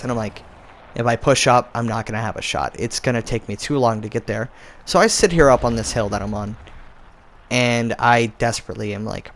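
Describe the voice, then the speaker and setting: A young man giving casual gameplay commentary, telling the match as an excitable story with sudden jumps in pitch. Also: moderate pace, a little hiss or hum. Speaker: gaming YouTuber.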